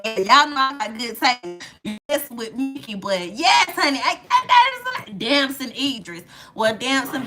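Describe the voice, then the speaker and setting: A woman's voice: on the high side, sharp tone. A woman chatting casually to her viewers on a live stream, gushing and playful, talking straight to them. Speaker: livestream host.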